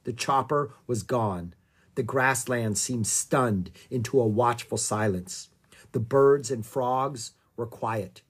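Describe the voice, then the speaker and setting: Calm expressive storybook narrator. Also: medium pitch, slow pace, husky. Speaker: audiobook narrator.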